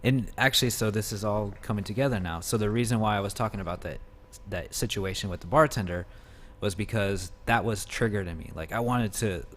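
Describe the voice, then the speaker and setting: A man's voice: on the low side, a little fast, fairly bright tone. A man talking casually on a talk show, reflecting on a personal experience and often breaking in with short words of agreement.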